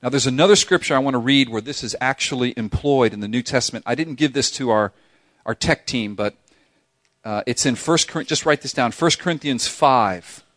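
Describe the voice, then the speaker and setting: A man preaching a sermon as pastor in a church, talking in an animated, emphatic way with lots of repetition, sometimes acting out voices. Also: medium pitch, normal speed, no room sound. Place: church sanctuary.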